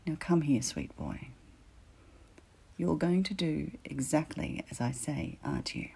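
Woman doing a teasing teacher in an audio role-play, low gravelly voice, slow and drawn out, whispers a lot. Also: wildly swooping pitch, exaggerated voice. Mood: seductive. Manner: teasing, drops into soft whispers. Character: teasing, commanding female teacher, adult woman.

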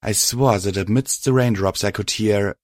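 A man reading a first-person story aloud in a steady, measured way. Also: lowish voice, no echo, studio quality. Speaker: reader. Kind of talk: first-person fan fiction audiobook narration.

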